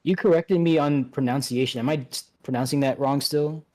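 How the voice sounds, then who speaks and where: A man leading an online game raid, giving relaxed instructions with many fillers and restarts. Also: mid-range voice, brisk. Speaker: raid leader. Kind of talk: casual instructions over voice chat.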